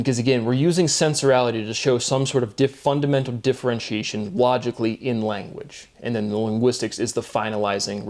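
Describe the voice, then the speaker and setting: A man's voice: medium pitch, darkish tone. Man musing loosely over wordplay. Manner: loose, filler-heavy, wordplay-driven musing. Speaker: solo channel host. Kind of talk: rambling solo monologue on word logic.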